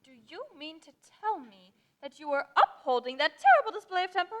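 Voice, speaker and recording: A woman's voice: very high voice, sing-song, fairly quick, fairly bright tone, exaggerated voice. A woman playing a nosy, blunt middle-aged village busybody with a tactless, gossipy manner, in a live stage musical. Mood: indignant. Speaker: stage actor in a youth musical.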